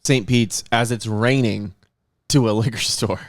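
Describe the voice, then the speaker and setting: A man's voice: lowish voice, steady tone, unhurried, no room sound, studio quality. A man co-hosting a casual podcast, telling a rambling story with laughs. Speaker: podcast co-host. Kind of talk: casual drunk podcast banter.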